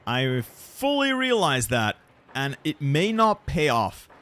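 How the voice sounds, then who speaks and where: A man's voice: on the high side, very animated, slow pace, fairly bright tone. A man giving casual commentary on his strategy game, chatting with viewers and muttering to himself as he plans. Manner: chatty, answers viewers, mutters repeated words. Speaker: gaming channel host.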